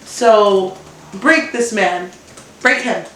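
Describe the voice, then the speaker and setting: A woman's voice: mid-range voice, very slow, fairly bright tone. A sleep-deprived woman co-hosting a casual chat, giggly and rambling. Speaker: podcast co-host. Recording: echoey room, mic at a distance, faint noise.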